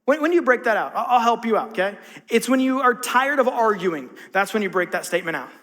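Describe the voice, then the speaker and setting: A man's voice: extremely high pitch, lively intonation, fast, a bit bright. A male pastor preaching a sermon in a conversational way, stressing points by repeating them. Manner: conversational, emphatic repetition. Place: church sanctuary. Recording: long reverb of a church hall.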